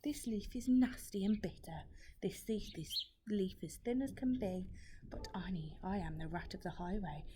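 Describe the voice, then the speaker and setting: A woman, reading a story aloud and giving hushed, half-whispered menace to a greedy male rat who robs travellers. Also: medium pitch, measured pace, background noise, natural voice. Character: greedy bullying male highway rat robber.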